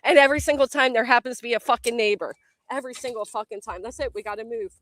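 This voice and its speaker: A woman's voice: fairly high pitch, fast, a bit bright, dry recording. A woman hosting a casual commentary livestream outdoors by a tree, jumpy and swearing a lot as she talks to her chat.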